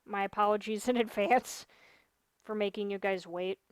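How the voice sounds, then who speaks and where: A woman's voice: mid-range voice, steady tone, normal speed, clean tone, no echo. A young adult woman, a gaming livestreamer, talking casually while she plays, venting and repeating her points with emphasis. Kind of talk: casual chat while streaming a game.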